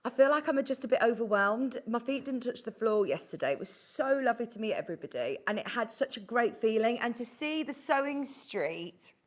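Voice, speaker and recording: A woman's voice: fairly high pitch, lively intonation, fairly quick, few pauses. A woman presenting a live shopping show, chatty and gushing as she reads out viewer messages. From England. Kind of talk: live sales chat. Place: TV studio.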